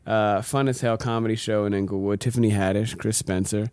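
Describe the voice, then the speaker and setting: A man's voice: lowish voice, steady tone, brisk, darkish tone, clear, resonant tone, dry recording, studio quality. A man hosting a casual show, joking loosely with lots of fillers. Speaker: podcast host. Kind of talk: casual chat.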